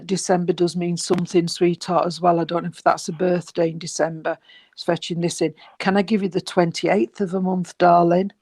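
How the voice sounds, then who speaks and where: A spiritualist medium giving a gentle, reassuring reading, rambling and repeating, with many fillers. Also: mid-range voice, no room sound, low-quality recording. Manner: gentle, reassuring, calls the sitter sweetheart and darling. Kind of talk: mediumship reading at an online service.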